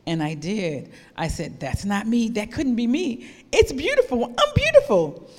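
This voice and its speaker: A woman's voice: medium pitch, sing-song, unhurried, mellow. A woman voicing a talking teacup that tells in the first person how it suffered on its way from clay. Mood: pleading. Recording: long hall reverb.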